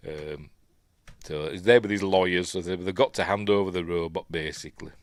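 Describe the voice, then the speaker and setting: A man with a Yorkshire accent talks over a film as he reviews it, wandering off into asides and filling the gaps with ums. His voice sits very low. The recording is dry and close, with no room echo. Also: steady tone, brisk. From Yorkshire, England. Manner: rambling and chatty, with frequent ums and asides. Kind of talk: casual commentary talking over a film as it plays.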